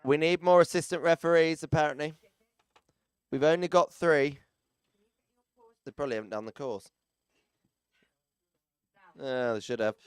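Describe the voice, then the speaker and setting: A man announcing riders at a live event, joking and chatting with the people around him. His voice is fairly high and smooth, and it sounds dry and close on the microphone. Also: normal speed, pauses often, dry recording. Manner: chatty, teasing, jokey asides to people around the arena. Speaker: arena announcer.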